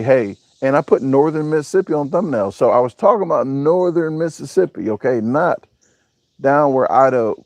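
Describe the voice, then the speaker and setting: A man with a medium-pitched, slightly mellow voice hosts a laid-back live chat, reading viewer comments and cracking jokes while he rambles. He talks in a southern-US way from home, showing his backyard on camera, in a dry recording.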